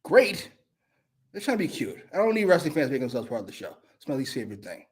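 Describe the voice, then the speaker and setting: A man co-hosting a live wrestling review, cursing and swinging from low mutters to loud shouted rants. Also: big pitch swings, fast talker, slightly rough. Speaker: wrestling show co-host. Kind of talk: profane live review chat.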